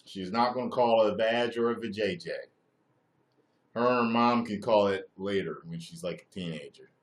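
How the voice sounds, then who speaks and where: A man's voice: lowish voice, moderate pace. A man hosting a live stream, chatting casually with crude jokes. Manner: crude, joking, animated.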